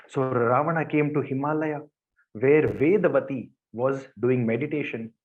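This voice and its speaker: A man of middle pitch narrates a devotional story in plain, repetitive sentences and often restarts them. The lo-fi recording sounds dull and muffled. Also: measured pace. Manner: simple, repetitive phrasing with restarts.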